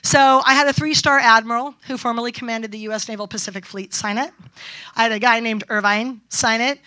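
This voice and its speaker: Woman, brash storyteller, bright forceful voice, dry close sound. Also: on the high side, fairly even intonation, a little fast, no room sound. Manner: brash, storytelling with quoted dialogue. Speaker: speaker. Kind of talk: conference talk. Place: event stage.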